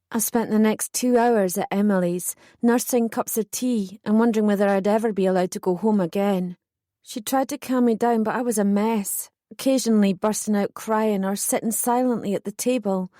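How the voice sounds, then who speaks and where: A woman reading a first-person audiobook in measured, steady scripted narration. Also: mid-range voice, no room sound, clean studio sound.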